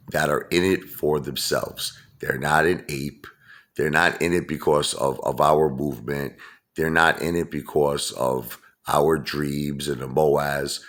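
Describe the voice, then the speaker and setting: A man's voice: rumbling low, fairly bright tone. A man hosting his own channel, talking straight to viewers in a brash, mocking, repetitive rant. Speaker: channel host. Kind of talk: ranting vlog monologue.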